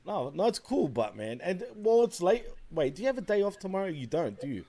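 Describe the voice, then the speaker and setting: An Australian man with a voice pitched a touch high, talking through a live wrestling post-show in a loose, easygoing way. He swears casually and laughs often, keeping the chat relaxed and friendly. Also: a little fast. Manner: laid-back, swears freely, laughs easily. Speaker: co-host.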